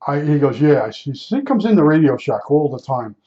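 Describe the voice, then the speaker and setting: An older man from New Jersey recounts a personal story in a loose, rambling way, stopping and restarting often. His voice sits a little high for a man. The recording is dull and lo-fi. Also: sing-song, brisk, mellow. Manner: rambling, conversational, many fillers and restarts. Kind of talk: casual personal anecdote.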